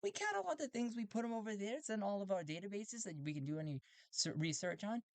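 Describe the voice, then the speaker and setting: A quirky collector robot , put on by a man, chatters in a high, squeaky voice that jumps all over the place. It rambles eagerly and sounds a little odd, as if it is always on the edge of getting carried away. The voice is dry and close, with no room sound around it. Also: quick pace, dry recording. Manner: high-pitched, excitable and rambling.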